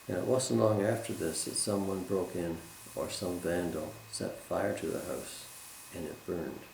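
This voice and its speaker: A man teaching a Bible study lesson in an earnest, measured way, quoting scripture as he goes. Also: deep voice, steady tone, gravelly, darkish tone, echoey room, slight background noise, poor audio.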